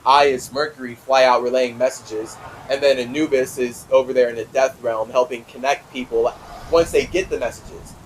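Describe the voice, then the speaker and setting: A man at a mid-range pitch who hosts a spiritual talk show, reading a listener's letter and then answering it at length. He talks with fiery conviction, his voice jumping up and dropping low as he gets worked up. A faint hiss sits under the voice. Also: steady tone, normal speed, poor audio. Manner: passionate, heated, big swings in pitch and loudness.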